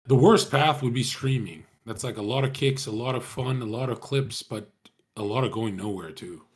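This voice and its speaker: A man's voice: mid-range voice, moderate pace. A young man talking casually to his viewers, rambling in slang, swearing often and calling everyone bro. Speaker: streamer talking to chat.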